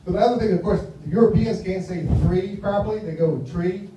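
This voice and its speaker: A man's voice: high voice, fast talker, highs cut off. Mumbling American comedian in his fifties. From United States. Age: 50s. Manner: mumbling, rambling delivery. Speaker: stand-up comedian. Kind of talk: stand-up comedy set. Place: live comedy venue. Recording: very echoey room, voice from far off, faint noise.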